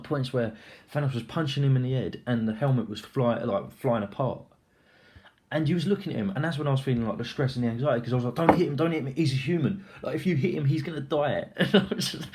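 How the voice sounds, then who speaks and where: A young man giving a casual, rambling film review, excitable and full of swearing and filler words. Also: medium pitch.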